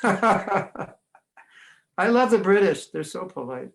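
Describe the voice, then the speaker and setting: Gravelly American man teaching a class. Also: high-pitched, animated, slow. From United States. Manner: humorous, anecdotal, chuckling. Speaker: spiritual teacher. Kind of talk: online religious class.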